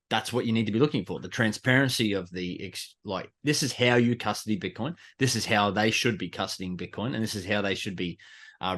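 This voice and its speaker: Low-voiced man co-hosting a podcast, rambling and jokey. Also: fairly bright tone. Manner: rambling, joking, crude. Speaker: podcast co-host. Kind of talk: casual podcast chat. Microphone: video call.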